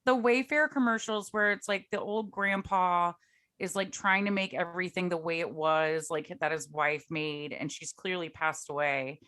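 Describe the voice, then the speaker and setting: Woman, young adult, podcast co-host, lower pitch, chatty, filler-heavy. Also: steady tone, normal speed, fairly bright tone. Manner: chatty, lots of "like", laughs often. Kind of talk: casual chat.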